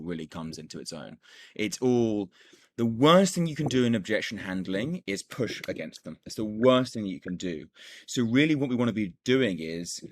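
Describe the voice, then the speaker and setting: A man teaching a recorded sales course as a coach, enthusiastic, repeating words and filling gaps with "done, done, done". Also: on the low side.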